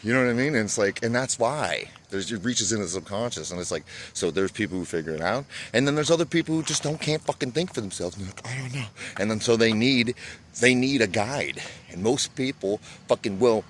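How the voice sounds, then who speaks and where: A man's voice: on the low side, lively intonation, fairly quick, slight background noise. A man vlogging in a casual, rambling rant, swearing often and calling the listener "bro" and "dude".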